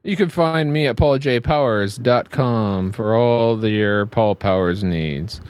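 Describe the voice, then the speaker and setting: A man co-hosting a casual podcast, making deadpan jokes. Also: fairly low pitch, unhurried, smooth, no echo. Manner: joking, deadpan asides. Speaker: podcast co-host.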